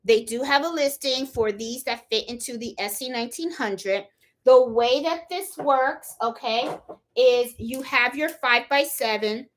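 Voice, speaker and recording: Brief: woman crafting host, Puerto Rican accent, slightly high voice, chatty hands-on demo style, keeps checking "okay?", laughs off fumbles. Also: measured pace. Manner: chatty, repeats "okay?" and "hold on"; laughs at her own fumbles while working. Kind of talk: casual live tutorial demo.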